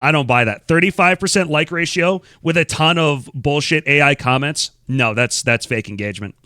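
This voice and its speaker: A man's voice: on the high side, normal speed, sharp tone, no room sound, studio quality. A man hosting a stream, reading and reacting in casual commentary, blunt and incredulous, swearing freely. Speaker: streamer host.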